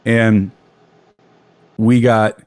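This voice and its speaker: A man's voice: lowish voice, little pitch movement, very slow, a little mellow, clear, resonant tone, no room sound, studio quality. An American man telling a long personal story in casual conversation, with frequent restarts and repeated words. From United States.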